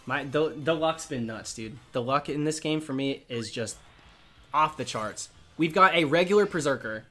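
A man doing excited gaming commentary as a YouTuber, chatty and excitable, cooing at the creatures on screen. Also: fairly high pitch, normal speed, soft background music.

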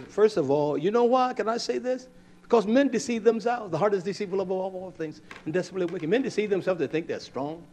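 A man's voice: fairly high pitch, dark tone. A man preaching a conversational sermon in a plain-spoken, blunt way.

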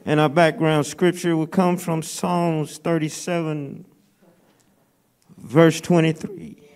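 Slow, stammering guest preacher in church. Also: male voice, fairly high pitch, level tone, a little mellow, faint music behind. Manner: stammering repeats, conversational, folksy. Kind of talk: Baptist sermon. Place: church sanctuary.

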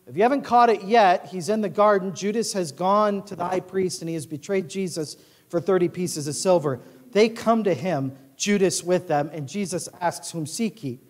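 A male pastor preaching a sermon in a church, swinging from quiet asides to loud declarations. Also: sits high, moderate pace, in a large hall. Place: large church sanctuary.

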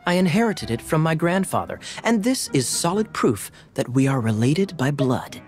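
An actor voicing a young game character who tells grand, secretive tales with earnest drama. His voice sits at a medium pitch, and faint game music plays behind him. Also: big pitch swings, moderate pace, lightly acted. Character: boastful young male pirate's grandson with an eye patch. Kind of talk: game dialogue.

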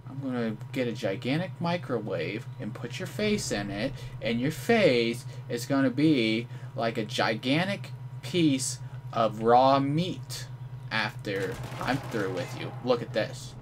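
A young man giving live gameplay commentary, trash-talking opponents with playful mock threats and sudden outraged yells. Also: mid-range voice, lively intonation, takes it slowly, a little hiss or hum. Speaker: gamer commentator.

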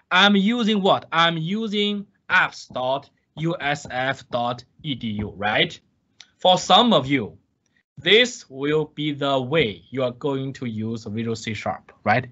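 A man's voice: a little high, a bit bright. A man giving a recorded course lecture, repeating key points with emphasis and asking the class questions he then answers himself. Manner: repetitive, emphatic, asks and answers his own questions. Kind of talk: recorded screen-share lecture. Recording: dull lo-fi lecture capture.

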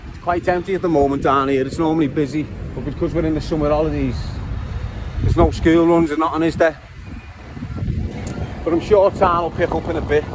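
A man's voice: a little high, steady tone, fairly quick, long pauses. A man with a Liverpool accent giving a casual city tour on his bike, chatty and swearing freely as he talks straight to his viewers. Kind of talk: casual walking-tour vlog. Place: outdoors in a city centre. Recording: loud street noise outdoors.

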